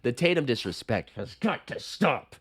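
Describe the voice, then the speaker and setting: A man with a Boston accent hosting a casual sports chat, his voice hoarse from being sick, talking in a rambling way with lots of fillers. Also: mid-range voice, very animated, moderate pace, fairly bright tone, no echo, studio quality. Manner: chatty, rambling with many fillers. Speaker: sports channel host.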